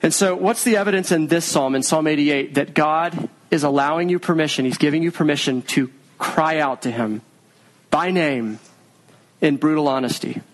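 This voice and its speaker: Earnest man preaching, slightly high voice. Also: normal speed, low-quality recording. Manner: earnest, conversational preaching with varied pace. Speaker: pastor. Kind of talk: sermon.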